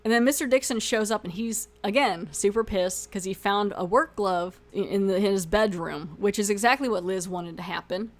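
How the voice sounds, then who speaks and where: A woman's voice: medium pitch, normal speed, hardly any pauses. A young adult woman hosting a podcast, casually retelling a TV episode with lots of likes and you-knows. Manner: chatty, full of filler like and you know, acts out lines. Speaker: podcast host reviewing a TV episode.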